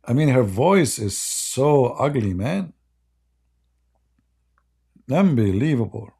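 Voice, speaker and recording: A man's voice: mid-range voice, very animated, takes it slowly, gravelly, dark tone, breathy edge. A man whose first language is Arabic, speaking in a rambling, joking and mocking way with broken English. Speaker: online commentator. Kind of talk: casual joking monologue.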